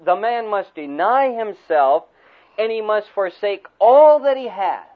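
A male preacher retells a story in a folksy, animated way. His voice is high for a man. The recording is thin and tinny, like a phone line. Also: unhurried. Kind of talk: sermon with storytelling.

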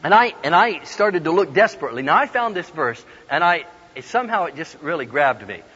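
A man giving a humorous storytelling sermon, animated and laughing often as he acts out the voices in his stories. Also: a little high, fairly quick, husky. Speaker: guest preacher. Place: large hall with an audience. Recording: dull lo-fi sound with long hall reverb.

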